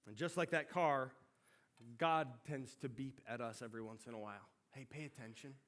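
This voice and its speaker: A middle-aged man pastor preaching a sermon, telling a story in an animated, conversational way. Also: mid-range voice, normal speed.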